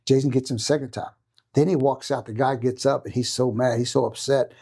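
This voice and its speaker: A middle-aged man tells a story as a podcast guest, his voice husky and a little rough. He talks fast and keeps acting out what other people said, often repeating himself as he goes. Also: mid-range voice. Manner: animated, acts out quoted voices, repeats himself. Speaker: podcast guest, martial arts coach. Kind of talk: casual storytelling.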